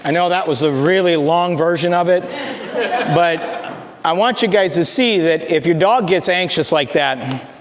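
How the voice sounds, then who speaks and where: A man working as a dog trainer, explaining calm greetings in a plainspoken way while he talks to a dog. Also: fairly high pitch, normal speed, long reverb tail, a crowd in the background. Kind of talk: casual instruction to camera.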